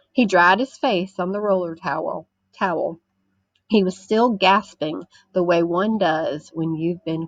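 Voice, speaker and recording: A woman teacher reading a chapter book aloud to her class, gentle and explanatory, stopping to ask the children questions. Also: on the low side, no room sound, lo-fi sound.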